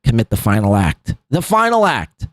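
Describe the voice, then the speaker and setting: A man's voice: medium pitch, huge pitch swings, normal speed, no echo, clean studio sound. A man hosting a live podcast, rambling through clip commentary with lots of fillers and laughs. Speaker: podcast host.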